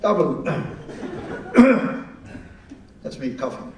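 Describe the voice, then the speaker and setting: A man with a slightly raised pitch hosts a live comedy panel on stage, reading quiz questions in a dry, deadpan way and tripping over the wording. He sounds distant from the mic in a roomy theatre, with steady noise underneath. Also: normal speed, a crowd in the background. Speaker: panel show chairman. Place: large theatre with live audience.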